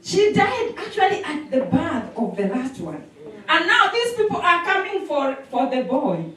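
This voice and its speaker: A woman preaching a sermon, animated, with repetition and call-and-response. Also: high-pitched, unhurried. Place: church sanctuary. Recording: echoey hall from a distance.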